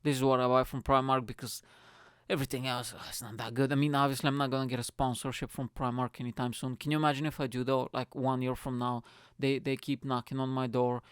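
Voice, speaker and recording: A young comedian from Bulgaria rambles through a solo podcast monologue, full of profanity and animated asides. His voice is smooth and clean, recorded dry and close. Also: mid-range voice, fast, no room sound.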